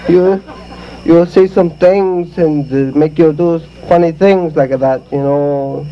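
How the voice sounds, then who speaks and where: A man's voice: on the high side, takes it slowly. A man playing a boastful comic kung fu ventriloquist who speaks in broken English and teases his dummy, recorded on dull lo-fi tape at an outdoor party. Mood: teasing. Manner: broken English, teasing, chuckling.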